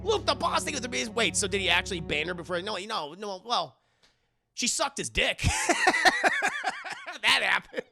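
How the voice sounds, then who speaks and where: A man tears through a comic movie recap for his stream chat, cursing freely. His pitch swoops all over. The voice is gravelly and bright, with a forceful edge. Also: moderate pace, pauses often, soft background music. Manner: animated, profane, laughing asides.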